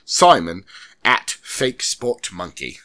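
Man doing a wobbly British accent for a letter-writing wrestling fan, hammy and lively. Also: low voice, slow, pitched below the performer's own voice, full character voice. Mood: theatrical. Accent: put-on British, drifting toward Irish. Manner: loud, bouncy, theatrical read-aloud. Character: cheery British male wrestling fan reading his letter.

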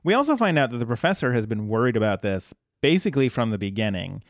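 Male podcast co-host, mid-pitched, rambling and self-mocking, dry close mic. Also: sing-song, fast talker, dry recording. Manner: rambling, self-deprecating, many ums. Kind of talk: casual chat.

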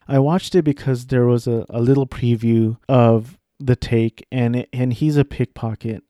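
A man's voice: medium pitch, warm tone, no room sound, studio quality. Rambling young man chatting about movies. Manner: rambling, self-correcting, offhand. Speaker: vlogger. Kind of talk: casual film chat.

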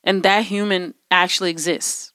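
A woman's voice: fairly low pitch, steady tone, normal speed, sharp tone, dry recording, studio quality. A woman in a casual talk, pressing her point with pointed questions and repeated "like"s. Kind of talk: casual conversation.

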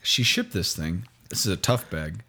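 A man co-hosting a podcast in casual banter, teasing and quick to laugh. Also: deep voice, lively intonation, pushed and bright, breathy edge. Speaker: podcast co-host.

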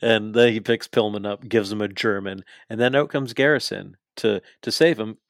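A man with a lowish voice recaps the show in loose, excitable chat, swearing freely and laughing along. The sound is dry and close, with little room around it. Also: moderate pace, creaky, no echo. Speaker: podcast co-host. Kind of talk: casual wrestling recap chat.

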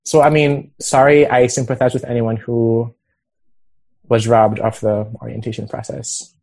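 A man's voice: mid-range voice, little pitch movement, unhurried, a little mellow. A man hosting a podcast, chatting loosely and teasing his co-hosts. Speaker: podcast host. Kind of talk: casual podcast chat.

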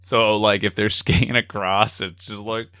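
A man's voice: on the low side, flat delivery, normal speed, bright, forceful tone, no echo, studio quality. A man co-hosting a podcast, chatting casually, goofy and often laughing. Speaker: podcast co-host. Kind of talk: casual comedic chat.

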